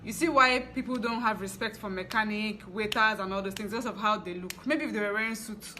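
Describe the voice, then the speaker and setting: Bright chatty Nigerian woman storyteller. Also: mid-range voice, brisk, a little hiss or hum. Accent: Nigerian English. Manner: chatty, animated storytelling with asides. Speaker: fashion business owner vlogger. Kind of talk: casual storytelling vlog.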